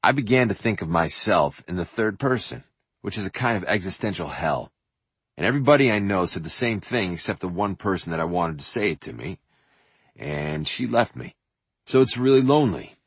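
In a bone-dry, close recording like a vocal booth, free of echo, a deep-voiced, raspy man narrates his memoir at a moderate pace. Profane and animated, he swaggers through it, acting out dialogue and singing snippets with wide swings in his delivery.

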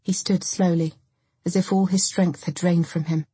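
A woman narrating a thriller audiobook in an even, measured way. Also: lowish voice, husky, dry recording. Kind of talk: scripted narration.

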